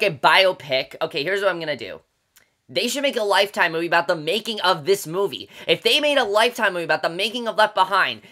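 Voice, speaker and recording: A man's voice: fairly high pitch, pushed and bright. A man giving a ranting movie review to camera, blunt and exasperated, with many fillers and restarts.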